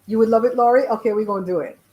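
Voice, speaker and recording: A woman's voice: on the high side, rapid-fire, muffled recording. A middle-aged woman from Belize with a Belizean accent, hosting a casual live stream and talking straight to viewers in the chat. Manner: chatty, blunt, talks to viewers in chat.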